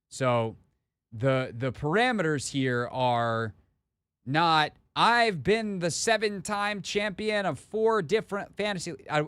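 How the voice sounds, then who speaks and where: A man's voice: mid-range voice, fairly bright tone, clear, resonant tone, no echo. Chatty man hosting sports radio. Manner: conversational, rambling with fillers and restarts. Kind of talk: live sports radio talk. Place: radio studio.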